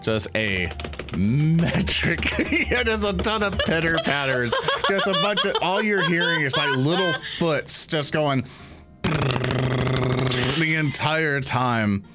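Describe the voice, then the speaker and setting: Laughing, lively man as game master. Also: fairly high pitch, a little slow, loud music behind the voice. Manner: casual, laughs often, many fillers. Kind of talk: narrating a tabletop game.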